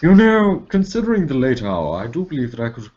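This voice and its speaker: A man voicing a prissy, affected upper-class British gentleman in a mock British accent. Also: mid-range voice, sing-song, a little fast, muffled recording, pitched above the performer's own voice, close to an everyday voice. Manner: florid, affected, mock-genteel.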